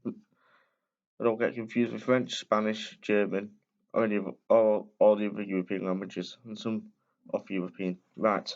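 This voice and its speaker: A man's voice: on the low side, little pitch movement, a little slow, vocal fry, darkish tone, highs cut off. A man hosting a video, casually reading a picture book aloud with chatty asides and frequent self-corrections. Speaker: storyteller and video host.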